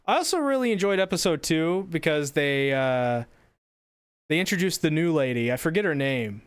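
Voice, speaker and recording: A man's voice: fairly high pitch, lively intonation, normal speed, clean tone, dry recording. A man co-hosting a podcast in casual chat, gushing with enthusiasm and moving the show along. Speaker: podcast co-host.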